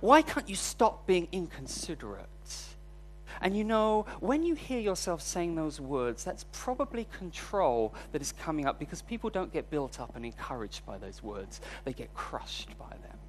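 Man preaching, storytelling with lively pitch. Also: moderate pace, hardly any pauses, a little hiss or hum. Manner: storytelling, voice rising when recounting frustration. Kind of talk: sermon.

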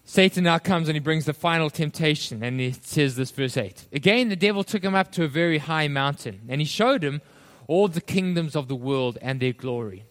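A male pastor preaching a sermon, addressing listeners as friends and acting out the quoted voices with animated shifts. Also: a little high, normal speed, hardly any pauses.

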